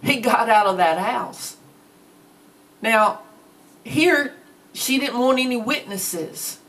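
A woman's voice: fairly high pitch, a bit bright, distant mic, rough recording. A woman teaching a Bible lesson in a plainspoken, conversational way. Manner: slow, plainspoken, conversational with fillers.

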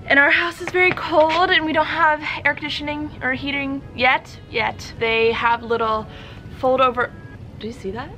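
A woman's voice: fairly high pitch, bright, forceful tone, slight background noise. A young woman vlogging in a casual, chatty way, laughing often and a little out of breath. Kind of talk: casual chat to camera.

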